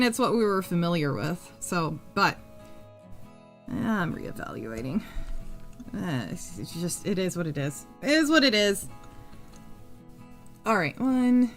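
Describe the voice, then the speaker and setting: A woman chats her way through a live craft stream, rambling from one thing to the next. She hums little tunes under her breath and swears without a second thought. Faint music plays quietly behind her. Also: mid-range voice. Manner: rambling and chatty, hums to herself, swears freely. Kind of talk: casual chat while crafting on a live stream.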